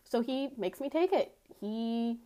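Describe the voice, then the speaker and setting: A woman's voice: on the high side, expressive, measured pace, dark tone. A young woman hosting a podcast, telling a personal story in a blunt, candid way, with many fillers and casual swearing. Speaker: podcast host. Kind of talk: confessional storytelling monologue.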